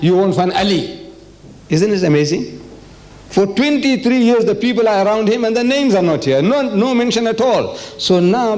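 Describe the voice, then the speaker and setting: Older South African man lecturing with animated rhetoric. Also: sits high. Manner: animated, rhetorical, asks the audience questions. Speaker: Islamic lecturer. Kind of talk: public religious lecture.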